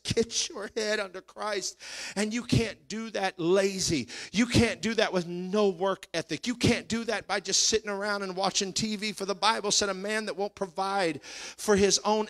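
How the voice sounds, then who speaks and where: Bright-voiced fervent male preacher. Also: sits high, fairly even intonation, normal speed. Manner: fervent preaching with call-outs to the congregation. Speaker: pastor. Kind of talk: sermon. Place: church.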